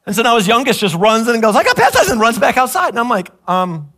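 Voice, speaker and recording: A middle-aged man preaches through a funny family anecdote with a high, bright voice. He slips into the voices of the people he quotes and laughs along with the story. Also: fast talker. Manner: animated, acts out quoted voices, laughs often. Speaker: pastor. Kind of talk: sermon-style storytelling.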